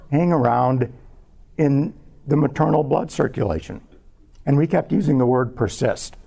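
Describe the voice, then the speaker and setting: A man, a scientist, giving a public talk as a measured personal story about his research. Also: mid-range voice, vocal fry, dark tone. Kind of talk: lecture told as a personal story.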